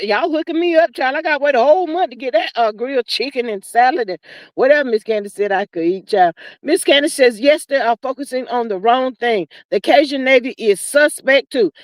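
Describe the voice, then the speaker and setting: Folksy older woman, high voice. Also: no room sound. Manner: folksy, animated, calls viewers honey and child. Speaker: livestream host. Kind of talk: casual livestream chat.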